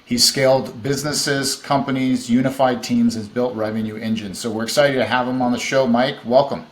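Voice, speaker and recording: A man's voice: mid-range voice, fairly even intonation, moderate pace. A man hosting a podcast, upbeat and welcoming as he introduces his guest. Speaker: podcast host. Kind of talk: interview host introduction. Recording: echoey room.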